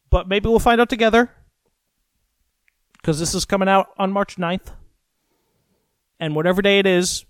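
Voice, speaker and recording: A man's voice: sits high, clean tone, no room sound, studio quality. A man hosting a podcast alone, rambling and joking with plenty of swearing in a casual late-night monologue. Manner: rambling, profane, jokey. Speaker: podcast host. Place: recorded at home late at night.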